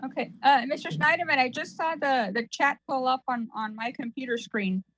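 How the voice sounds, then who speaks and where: A woman's voice: sits high, moderate pace, a bit bright, rough recording. A woman chairing a virtual board meeting, reading agenda items formally with hesitant fillers.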